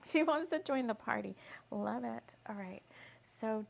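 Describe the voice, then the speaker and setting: A woman's voice: fairly high pitch, lively intonation, a little slow, vocal fry. A woman hosting a casual spiritual craft session, chatty and giggling often as she repeats her ingredient list aloud. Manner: giggly, laughs often mid-sentence. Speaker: host.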